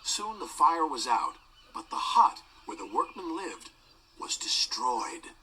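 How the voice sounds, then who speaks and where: A man narrating a children's story with expressive storytelling and doing each character's voice. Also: on the high side, slow, whispered, poor audio. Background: background music.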